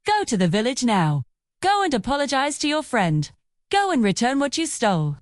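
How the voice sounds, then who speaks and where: A woman's voice: high-pitched, sing-song, normal speed, dry recording, studio quality. A woman voicing an angry masquerade spirit that commands and threatens in a storybook tale. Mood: angry, warning.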